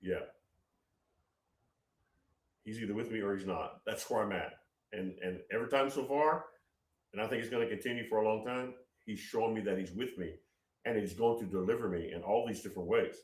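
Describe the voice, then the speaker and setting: A man's voice: on the low side, brisk, pauses often, recorded from a distance. A man giving informal prophetic teaching, rambling and storytelling, often repeating his words. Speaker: prophetic speaker. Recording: roomy, off-mic.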